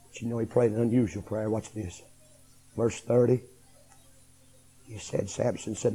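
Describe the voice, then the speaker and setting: A middle-aged man preaching a revival sermon, swinging from hushed tones to shouting. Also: medium pitch, normal speed, pauses often, breathy edge, poor audio.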